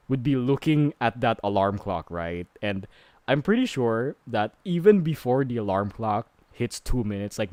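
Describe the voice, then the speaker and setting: A man's voice: lowish voice, darkish tone, no echo. A man streaming a casual movie recap, rambling with many fillers and growing exasperated.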